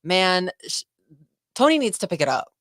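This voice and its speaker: A young woman co-hosting a casual wrestling podcast, gushing and excitable, with many fillers and restarts. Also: fairly low pitch, moderate pace, dry recording. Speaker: podcast co-host.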